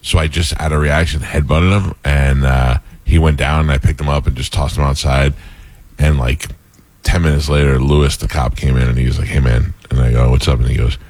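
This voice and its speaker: Man, very low voice, dry close sound, casual storytelling. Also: fairly quick, dry recording. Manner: laughing, animated anecdotes.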